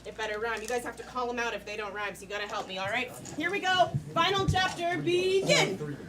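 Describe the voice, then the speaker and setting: A woman's voice: mid-range voice, racing, crowd noise. A woman hosting a live improv comedy show, upbeat as she directs the players and calls on the audience. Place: comedy theater stage.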